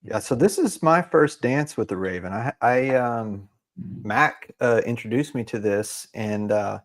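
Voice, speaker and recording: A man's voice: medium pitch, unhurried. A man from the Houston area, a guest on a livestream, talking eagerly and loosely with plenty of fillers. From Houston area, United States. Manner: enthusiastic, explains bottles with many fillers. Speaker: guest whiskey collector. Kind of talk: casual livestream chat.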